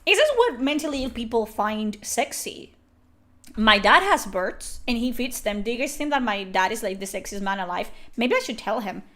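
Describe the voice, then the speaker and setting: A woman's voice: fairly high pitch, animated, normal speed, fairly bright tone. A young woman streaming a game and ranting about it, exasperated and swearing freely. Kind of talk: game reaction commentary.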